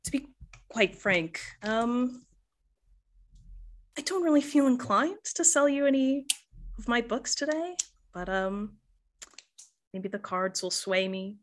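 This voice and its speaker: A serene old grandmother witch, as a woman puts her on, smiling sweetly while she lectures. Her voice is lifted a little above a woman's usual low tone, and she speaks slowly and patiently, with soft hesitations. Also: lively intonation. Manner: gentle, patient, slightly preachy, with many soft "um"s.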